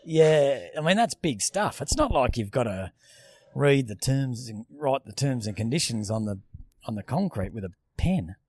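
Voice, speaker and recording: A man's voice: mid-range voice, very animated, normal speed, darkish tone, slightly rough, no echo. A young Australian man with an Australian accent, rambling and swearing as a podcast co-host in casual chat. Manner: rambling storyteller, swears freely.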